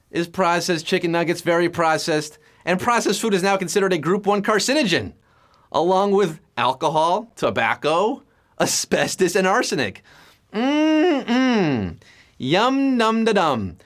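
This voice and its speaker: A man hosting a live trivia game show, full of quick puns and jokes. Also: high voice, a bit bright. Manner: jokey, punny, quick patter.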